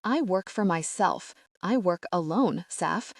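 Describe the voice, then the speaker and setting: A woman's voice: fairly low pitch, lively intonation, slow pace, no room sound, studio quality, exaggerated voice. A woman voicing an earnest, guarded young queen in an audiobook, speaking in a pressing way.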